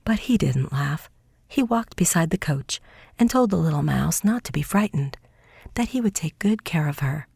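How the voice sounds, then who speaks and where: A woman narrating a folk tale audiobook in a soft, hushed, scripted reading. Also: deep voice, lively intonation, moderate pace, creaky, husky, no echo, clean studio sound.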